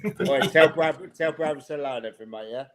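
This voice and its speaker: A man's voice: on the high side, fast. A man co-hosting a casual football podcast, full of jokey, affectionate banter. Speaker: podcast co-host.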